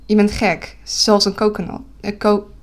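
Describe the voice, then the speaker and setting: A woman's voice: mid-range voice, flat delivery, moderate pace. A young woman with a Dutch accent chats on her live stream in an easy, casual way. She sounds tired, laughs a lot, and stops to correct herself and say sorry. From Netherlands. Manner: giggly, self-correcting, apologetic.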